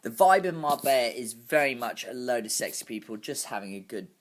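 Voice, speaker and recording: A man's voice: mid-range voice, lively intonation, fairly quick, close to an everyday voice. An actor playing a brash, bragging male club promoter, in a comic character monologue full of fillers. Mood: cocky. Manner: cocky, bragging, full of "you know" fillers.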